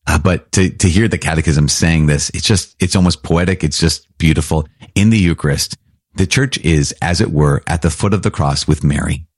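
A man's voice: low-pitched, breathy edge, dry recording, clean studio sound. A man teaching as a priest, talking through the catechism in an enthusiastic, conversational way with frequent restarts. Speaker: Catholic priest.

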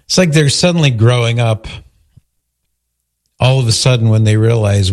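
A man's voice: medium pitch, moderate pace, long pauses. A man hosting a talk radio show, joking and teasing his co-host in casual banter.

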